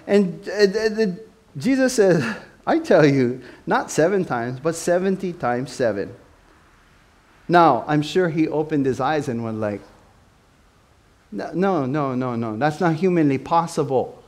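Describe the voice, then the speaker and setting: Animated high-pitched male preacher. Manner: animated preaching, rising to loud emphatic questions. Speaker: pastor. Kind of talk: sermon. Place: church.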